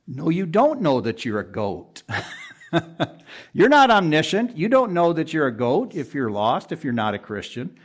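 A man in the pulpit preaching through scripture with earnest, pressing delivery. His voice sits at an ordinary middle pitch, leaping up to drive home a point and sinking low and soft as a verse closes. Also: very animated, normal speed, hardly any pauses. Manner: earnest, pressing, rises sharply for emphasis then drops low. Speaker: pastor. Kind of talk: expository sermon. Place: room with a congregation.

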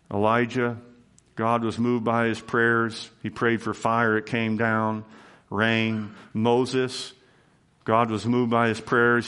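An earnest male pastor delivering a sermon in a mid-pitched voice. He presses his points with emphatic repetition and moves naturally into a heartfelt prayer. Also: fairly bright tone, clean tone. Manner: earnest and emphatic, repeating key phrases.

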